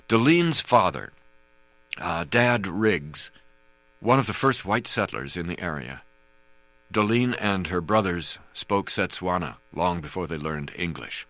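A man reading his memoir aloud as narrator, halting with frequent fillers. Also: deep voice, animated, a bit bright, dry recording.

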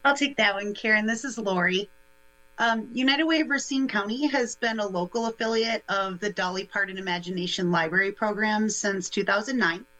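A woman guest on a local radio show giving steady, informative answers. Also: mid-range voice, moderate pace, low-quality recording. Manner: steady, informative, a few fillers. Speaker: guest, nonprofit initiatives director.

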